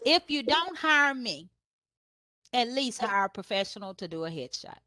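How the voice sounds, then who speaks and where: A woman photographer sharing business advice on a panel. She tells stories and acts out her customers' questions in a higher voice, laughing often. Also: normal speed, no room sound, clean studio sound. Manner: lively storyteller who acts out customers in a higher voice; laughs often while talking.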